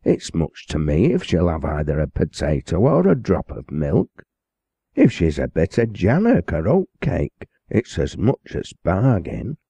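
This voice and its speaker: A man's voice: deep voice, mellow, husky, dry recording, full character voice. A man voicing a blunt, kindly old shopwoman with a Lancashire accent and homely scolding talk. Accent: Lancashire dialect.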